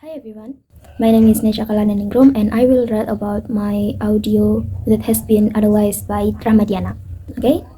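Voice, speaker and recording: A young woman with an Indonesian accent reads out her pronunciation feedback for a class presentation, pausing often with fillers. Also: medium pitch, flat delivery, warm tone, low-quality recording. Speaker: student presenter.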